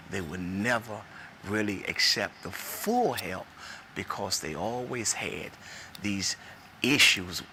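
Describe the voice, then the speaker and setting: A man's voice: deep voice, sharp tone, a little hiss or hum. A man in his forties giving an earnest, preacherly personal testimony, repeating phrases for emphasis and telling a parable. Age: 40s. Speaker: speaker sharing his testimony.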